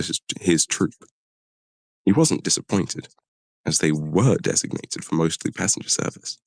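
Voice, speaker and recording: A man's voice: low voice, vocal fry, no echo. A man streamer reading a story aloud on a live stream, short of breath and pushing through. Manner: reads steadily, breaking off to cough and apologize.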